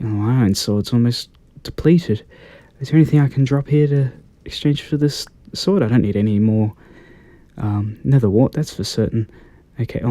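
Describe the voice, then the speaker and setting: A man in his thirties with an Australian accent, giving gentle, polite ASMR gameplay commentary on a close mic. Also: mid-range voice. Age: 30s. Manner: gentle, polite and mild, easily delighted. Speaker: gaming channel host.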